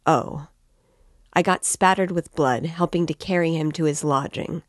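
Woman reading sarcastic brooding young man, low voice, dry close recording. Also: a little slow, no room sound. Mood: bitter. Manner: bitter, sarcastic. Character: brooding feverish young male student. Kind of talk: reading a novel aloud.

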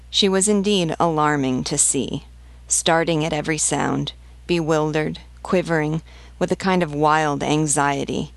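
A woman reading a novel aloud in a measured, expressive way. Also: low voice, dry recording. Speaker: audiobook reader and guide. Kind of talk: literary audiobook reading.

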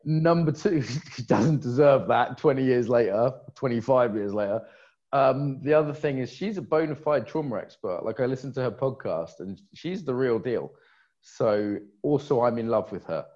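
Recorded with dull lo-fi sound, a conference co-host with a medium-pitched, animated, slightly mellow voice talks at a moderate pace. His casual chat is sprinkled with playful jokes on the side.

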